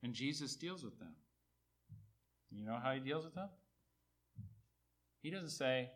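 Emphatic preacher man with a lively voice. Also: a little slow, pauses often. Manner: emphatic, repeats key phrases for emphasis; rises high and loud on quoted speech, drops low on asides. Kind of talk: sermon.

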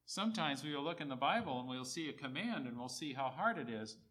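Emphatic preacher man with a lively voice. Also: fast. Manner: emphatic, repeats key phrases for emphasis; rises high and loud on quoted speech, drops low on asides. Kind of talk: sermon.

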